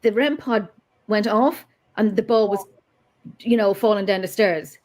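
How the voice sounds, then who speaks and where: Animated woman telling a ghost story. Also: unhurried. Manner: animated, rises in pitch when upset. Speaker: paranormal investigator guest. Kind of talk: storytelling in conversation.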